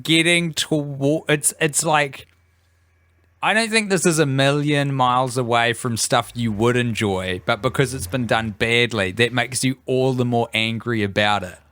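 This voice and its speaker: A man's voice: medium pitch, fairly bright tone, no echo. A man co-hosting a podcast, chatting casually with wry, dry humour. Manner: wry, dryly joking. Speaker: podcast co-host. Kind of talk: casual chat.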